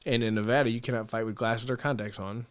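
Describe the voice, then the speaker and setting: An animated man, a guest on a podcast, tells stories casually at a middle pitch. He swears freely, laughs often and keeps restarting sentences mid-thought. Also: quick pace. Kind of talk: casual storytelling.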